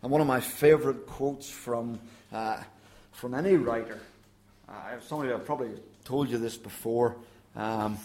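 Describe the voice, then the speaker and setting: A man preaching a sermon in a church, earnest and direct, dropping softer when he speaks God's words to the listeners. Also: mid-range voice, moderate pace. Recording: roomy church echo.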